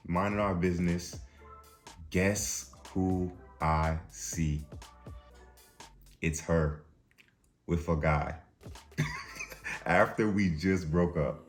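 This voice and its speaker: Deep-voiced man telling a story. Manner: animated, acts out quotes, laughs at his own story. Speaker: vlog host. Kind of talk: casual storytelling.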